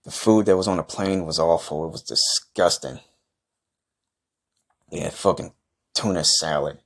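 A man's voice: extremely low pitch, a little slow, creaky, slightly rough. A man doing a comedic trash-talk monologue as a boastful, profane wrestler persona. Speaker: podcast host in a comic wrestler persona.

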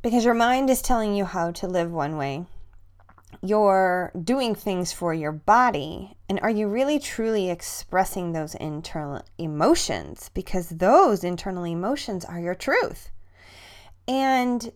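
A woman's voice: mid-range voice, animated, measured pace, smooth. A woman giving a personal motivational monologue on her own podcast. She talks in an earnest, emphatic way and leans on repeated words to drive her points home. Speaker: podcast host, fitness coach.

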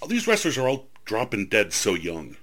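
Lower-pitched male host, bright forceful tone, enthusiastic storyteller in casual chat. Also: huge pitch swings, normal speed. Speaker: host, historian and author.

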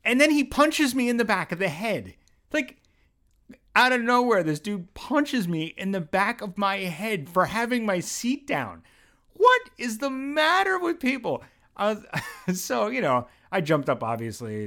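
Young guy from pennsylvania rambling thru a story on his podcast, swears a lot, laughs at himself. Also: a little high. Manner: rambling, animated, swears freely, self-mocking. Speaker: podcast host. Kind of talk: casual storytelling monologue.

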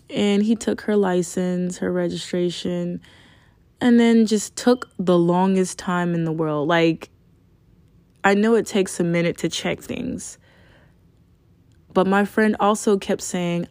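A young woman in her twenties casually telling a personal story, frank and profane, with animated retelling. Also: fairly low pitch, measured pace, no echo. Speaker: storyteller sharing a personal experience.

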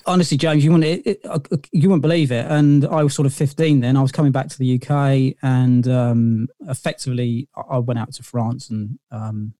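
A man's voice: medium pitch, steady tone, moderate pace, few pauses, dark tone, no room sound. A middle-aged man, a podcast guest telling long stories in a rambling way, full of fillers and restarts. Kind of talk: casual interview storytelling.

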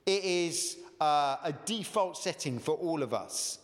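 A man's voice: a little high, animated, measured pace, in a large hall. A man preaching a sermon as a pastor, earnest and conversational, asking his listeners repeated questions. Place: church.

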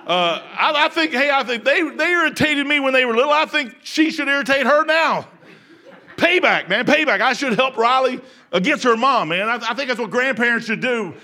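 An older man preaching a folksy sermon, laughing often and swinging from shouts to hushed asides. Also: very high voice, animated, normal speed. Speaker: pastor. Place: church sanctuary.

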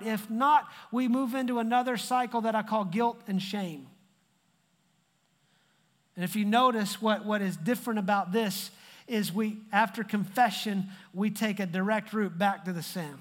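High-voiced preacher in a reverberant hall. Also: male voice, normal speed. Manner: conversational preaching with emphatic repetition. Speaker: pastor. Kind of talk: sermon.

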